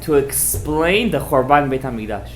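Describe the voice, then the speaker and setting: A man who is a rabbi, telling a Torah story at a festive meal, animated and acting out the voices, sprinkling Hebrew and Yiddish words into casual English. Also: medium pitch, moderate pace, slight background noise. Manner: animated, acts out the quoted voices. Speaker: rabbi giving a Torah talk.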